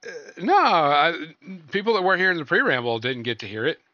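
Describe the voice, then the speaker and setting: A man's voice: on the high side, very animated, brisk, no echo. A man co-hosting a podcast in casual banter, teasing the others and laughing. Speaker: podcast co-host. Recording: dull, lo-fi mic.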